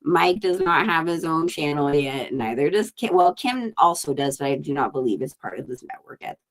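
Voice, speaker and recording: A woman's voice: low voice, lively intonation, normal speed. A woman from California with a Californian accent, co-hosting a casual video-call chat in a chatty way. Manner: chatty, says like a lot. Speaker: co-host.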